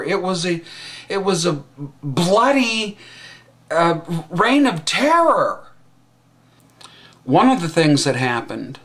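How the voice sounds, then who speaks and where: Slow, rambling man in satirical monologue. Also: a little high, a bit bright. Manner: rambling and halting, with frequent restarts. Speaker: satirical commentator.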